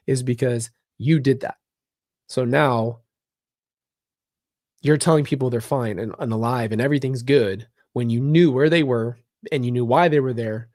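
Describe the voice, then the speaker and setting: A man's voice: medium pitch, a little mellow, dry recording. Frustrated man talking bluntly, dry sound. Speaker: channel host. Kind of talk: casual commentary vlog.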